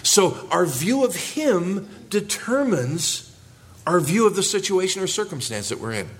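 A man's voice: sits high, very animated, unhurried. Man preaching a sermon with emphatic lifts. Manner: preaching with rising emphasis and congregation call-and-response. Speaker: pastor.

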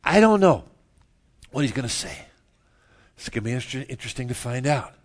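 A man preaching a sermon, moving from quiet, low stretches to loud, emphatic bursts and chuckling at his own jokes. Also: steady tone, fast talker. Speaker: pastor.

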